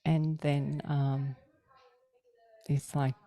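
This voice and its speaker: Low-voiced woman telling a lively story. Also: extremely slow. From Australia. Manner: lively, laughing, acts out quoted dialogue. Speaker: guest. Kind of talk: casual storytelling on a video call. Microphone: video call.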